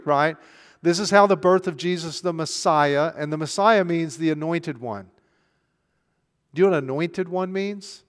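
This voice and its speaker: Impassioned preacher man in echoing hall. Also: a little high. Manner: impassioned preaching, builds to fervent, near-shouted peaks. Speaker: pastor. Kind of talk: sermon. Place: church sanctuary during a service.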